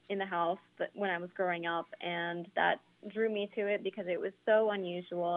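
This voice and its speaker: A woman musician being interviewed on the radio, speaking earnestly and pausing with ums. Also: fairly low pitch, vocal fry, dry recording, narrow, tinny audio. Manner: earnest, measured, with frequent ums. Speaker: guest musician.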